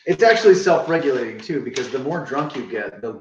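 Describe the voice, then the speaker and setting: 男性，远距离混响低保真录音，说话爱开玩笑. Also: male voice, medium pitch, expressive, fast talker. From United States. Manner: jokey, playful riffing. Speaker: game designer co-host. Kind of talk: casual livestream chat. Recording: distant roomy lo-fi mic.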